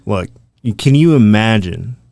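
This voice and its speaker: Cussing podcast guy rambling a wild story, lowish voice, dry close sound. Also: measured pace, creaky, dry recording. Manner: profane, animated, rambling. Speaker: podcast co-host. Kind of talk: casual chat, storytelling.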